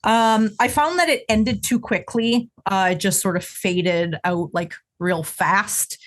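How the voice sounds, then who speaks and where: A woman's voice: medium pitch, slow pace. A young woman co-hosting a music podcast, chatting casually and giving blunt, matter-of-fact opinions. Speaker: podcast co-host. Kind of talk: casual chat.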